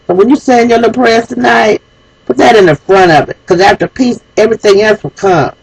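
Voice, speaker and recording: A woman's voice: a little high, brisk, vocal fry, a little hiss or hum, rough recording. A woman hosting her own show, delivering an emotional, preachy monologue straight to her viewers. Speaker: host. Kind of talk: impassioned spoken monologue.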